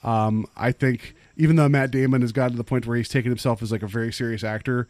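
A man's voice: medium pitch, fairly even intonation, fast talker, a little mellow, dry recording. A man co-hosting a podcast, chatting casually about movies in a rambling way full of fillers. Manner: rambling, many fillers and restarts. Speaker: podcast co-host.

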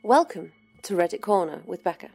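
A woman's voice: fairly low pitch, lively intonation, a little fast, vocal fry, mellow, husky, faint music behind. A woman co-hosting a podcast, chatting casually, teasing her co-host and laughing often. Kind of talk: casual chat.

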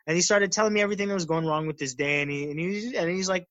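A man's voice: on the high side, fast, fairly bright tone, dry recording, dull audio. A young man telling stories in a casual, earnest talk, acting out the quoted exchanges. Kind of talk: casual conversational storytelling.

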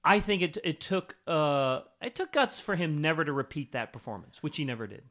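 A man co-hosting a casual film discussion, thoughtful and quick to laugh. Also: a little high. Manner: lively, thoughtful, laughs easily. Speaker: podcast co-host.

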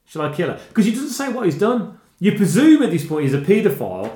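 A man's voice: high-pitched, sing-song, quick pace, warm tone, reverberant. A man in casual film chat, retelling movie scenes and acting out the quotes.

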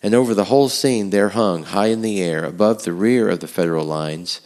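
A man giving a history lecture in a measured, reading manner, with wry asides and long passages read aloud. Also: deep voice, darkish tone. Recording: long hall echo.

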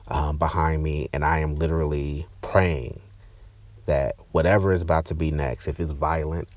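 A man telling a personal story in an intense, emotional way, often halting and repeating words. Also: a bass voice, darkish tone, dry recording.

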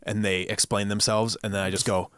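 Man, lower pitch, easygoing joker in casual conversation, dry sound. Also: flat delivery, fairly quick, fairly bright tone, clear, resonant tone, no room sound. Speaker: works around kids. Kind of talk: casual chat.

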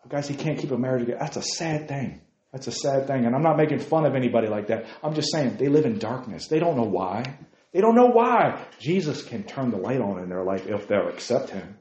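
A man preaching a sermon to a youth group, fervent and emphatic, repeating his key phrases and talking fast. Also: mid-range voice, mellow, echoey room, muffled recording. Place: meeting room.

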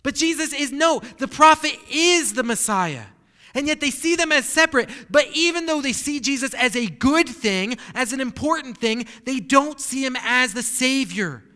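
A man's voice: very high-pitched, animated, normal speed, sharp tone, big-room sound. A male pastor preaching a sermon, emphatic and full of rhetorical questions.

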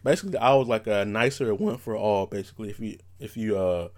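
Rambling, slangy podcast man, low voice. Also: fast talker. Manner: rambling, animated storytelling with slang and restarts. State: voice not warmed up after waking. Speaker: podcast host. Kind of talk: casual solo podcast monologue.

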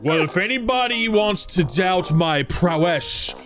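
Pompous bragging warrior, voiced by a man, lively, music bed. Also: sits high, measured pace, voice pushed up. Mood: boastful. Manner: grandiose, self-satisfied. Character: boastful male warrior hero, pompous showman.

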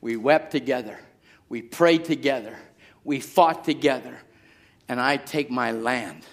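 A middle-aged pastor preaching a sermon, moving from quiet storytelling to shouted exhortation. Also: male voice, medium pitch, a little slow.

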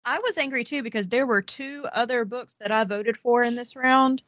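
A woman's voice: on the high side, fairly even intonation, normal speed, fairly bright tone, no room sound, dull audio. A woman co-hosting a podcast, frankly chatting about books she has read. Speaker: podcast co-host. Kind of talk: casual book chat.

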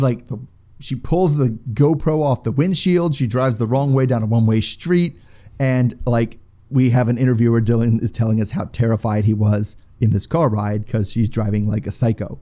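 A man's voice: medium pitch, normal speed, mellow. A man co-hosting a casual podcast, rambling through a recap of a reality show episode. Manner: rambling, retells scenes with quoted voices. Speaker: podcast co-host.

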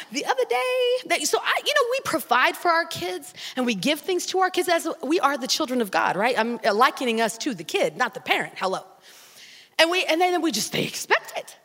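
A middle-aged woman pastor, preaching a sermon with animated storytelling that rises to shouts, in a large church hall. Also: high voice, moderate pace. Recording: long hall reverb.

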